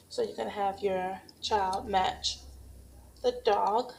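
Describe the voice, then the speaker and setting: A woman preschool teacher demonstrating a craft activity at home and giving parenting tips, speaking slowly and patiently. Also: mid-range voice, fairly even intonation, creaky, a little hiss or hum. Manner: patient, slow and encouraging, models sing-song animal sounds for toddlers.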